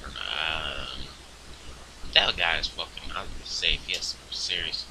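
A young man casually commentating his online game, crude and profane, rambling quietly and then suddenly yelling at other players. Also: a bass voice, slow, vocal fry, a little hiss or hum, rough recording. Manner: crude, profane, swings into loud outbursts. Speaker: gaming video host.

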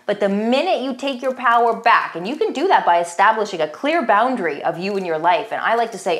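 A woman talks through a tarot spread in a steady, mid-pitched voice. She speaks earnestly and encouragingly to the listener and circles back on her key phrases. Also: a little fast, few pauses. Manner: earnest and encouraging, repeats phrases, addresses listener as "beautiful soul". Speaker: tarot reader. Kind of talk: recorded tarot reading, motivational.

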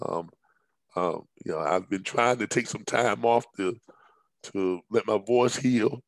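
A man, giving a live-streamed business presentation in a scratchy, hoarse voice and talking haltingly with many fillers and restarts. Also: fairly low pitch, dry recording.

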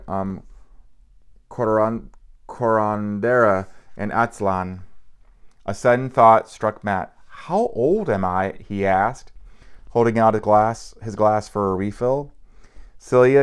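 Low, smooth male audiobook narrator. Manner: steady reading with occasional stumbles and restarts.

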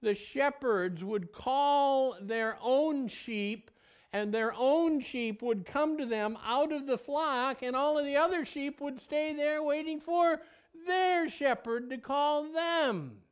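A man preaching a sermon as a pastor. He swings between loud exclamations and a hushed, low voice. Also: takes it slowly.

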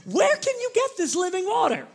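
A man's voice: very high voice, wildly swooping pitch, fairly quick, creaky, pitched above the performer's own voice, full character voice. A male pastor reading a scripture passage as a sassy, argumentative woman, with an emphatic, incredulous delivery.

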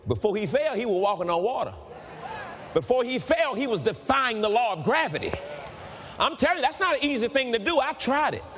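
A man preaching a sermon, reading scripture aloud and acting out its dialogue in an animated way. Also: extremely high pitch, fairly quick, in a large hall, slight background noise. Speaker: pastor.

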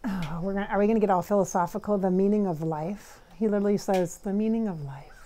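Soft-spoken woman leading a meditation. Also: mid-range voice, fairly even intonation. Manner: soft, unhurried and dreamy, trailing off. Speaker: spiritual medium. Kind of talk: guided breathing meditation.

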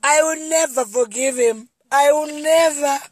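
A woman's voice: high-pitched, measured pace, no echo. A distraught Zimbabwean woman in tears, speaking in a repetitive, pleading outburst on a live video. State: tearful and distraught. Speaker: comedian. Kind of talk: emotional live video monologue. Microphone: phone.

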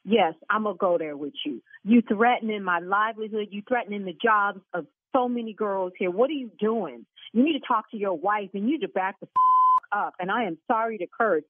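Brief: indignant woman on a tinny phone line, husky, a bit high. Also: very animated, no room sound. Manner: indignant, fast, cursing. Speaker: salon owner on the phone.

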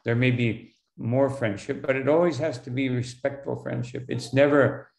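Gravelly-voiced monk giving a halting scripture talk. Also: male voice, mid-range voice, steady tone, darkish tone, reverberant. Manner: halting, with frequent fillers and "no?" tags; slows for Sanskrit terms and quotes. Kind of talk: scripture lecture.

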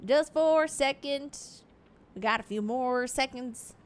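High-pitched, playful woman game streamer. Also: a little slow. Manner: playful, chatty, talks to herself while playing. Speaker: gaming streamer. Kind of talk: casual gameplay commentary.

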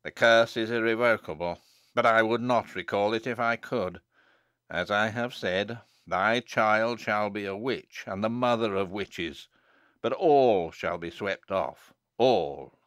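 A man's voice: fairly low pitch, slow pace, pushed and bright, no room sound, clean studio sound. A man voicing a grave old abbot. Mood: solemn. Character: solemn aged male abbot, meek but unbending.

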